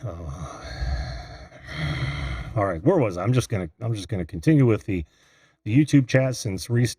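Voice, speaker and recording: A middle-aged man hosts a live call-in show, chatting and reading viewer comments; he gets flustered easily and laughs quickly. His voice is on the low side, animated, mellow and husky, with no echo.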